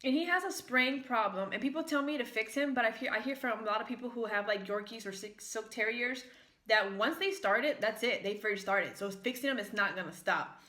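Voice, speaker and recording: A woman's voice: on the high side, brisk, bright, forceful tone. A young American woman vlogging at home, eating and chatting in a rambling, filler-heavy storytelling way. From United States. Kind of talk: casual mukbang chat while eating. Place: at home, in the kitchen. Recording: echoey room.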